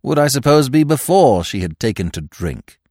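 A man doing a suave, long-winded gentleman. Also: mid-range voice, very animated, moderate pace, dry recording, clean studio sound, voice pushed up. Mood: mock-solemn. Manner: ornate, grave and mock-sincere. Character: suave, verbose young gentleman, mock-solemn.

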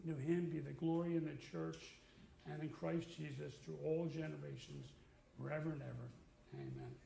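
Middle-aged man, preacher; mellow, gravelly tone, casual sermon delivery. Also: a little high, lively intonation, moderate pace. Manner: conversational, with fillers and restarts. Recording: echoey room.

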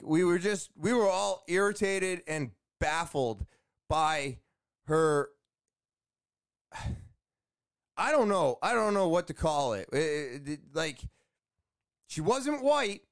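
Man, high voice, casual vlog storyteller, animated and exasperated, cursing freely. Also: smooth. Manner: animated, exasperated, swears often. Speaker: vlogger telling a story. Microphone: camera facing speaker.

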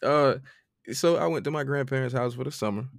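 A young man, telling an animated, profane story in casual chat. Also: mid-range voice, fairly quick, creaky, no echo, studio quality.

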